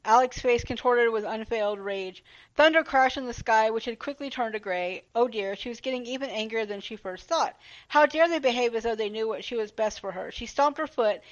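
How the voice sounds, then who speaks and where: A woman's voice: fairly high pitch, brisk, muffled recording. A woman guest on a podcast, chatting casually about a book and reading passages aloud. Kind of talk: casual book discussion chat.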